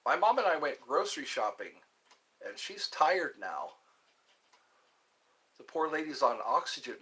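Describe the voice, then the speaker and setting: Guy rambling on his home livestream, slow talker, voice bouncing up and down. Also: a little high, sing-song, pushed and bright. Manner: rambling, chatty, answers chat questions aloud. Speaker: livestream host. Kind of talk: casual chat reading viewer comments.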